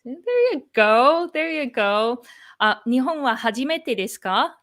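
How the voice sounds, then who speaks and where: A young woman with a Michigan accent hosting a livestream chat, upbeat and quick to laugh, switching into Japanese now and then. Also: a little high, lively intonation, a bit bright. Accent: Michigan American. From Michigan, USA. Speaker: host.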